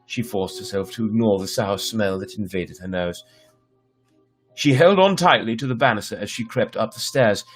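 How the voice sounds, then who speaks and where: A man's voice: fairly low pitch, normal speed, soft background music. A man hosting a live story time, reading a children's horror book aloud and chatting with viewers. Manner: relaxed, chatty sign-off with fillers. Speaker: storyteller host.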